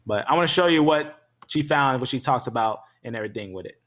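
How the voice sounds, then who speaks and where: A man's voice: mid-range voice, lively intonation, fast talker, fairly bright tone, a little hiss or hum. A man talking casually, hesitant and rambling, with several fillers. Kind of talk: casual talk.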